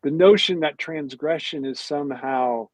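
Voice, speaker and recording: A man's voice: a little high, moderate pace, darkish tone, no echo, rough recording. A male philosopher and author, a podcast guest explaining ideas in casual talk, with many restarts and repeated words.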